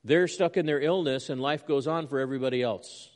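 A man's voice: mid-range voice, fairly quick, big-room sound. Impassioned male pastor preaching. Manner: impassioned, rising loud when reading scripture aloud. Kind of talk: sermon.

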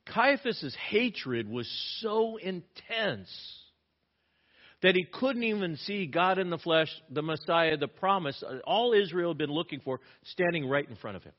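A man preaching an expository sermon, asking rhetorical questions and acting out quoted lines with sudden rises in pitch and loudness. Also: a little slow. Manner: animated, rhetorical questions, acts out quotes with rising pitch and volume. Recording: slightly dull lo-fi sound.

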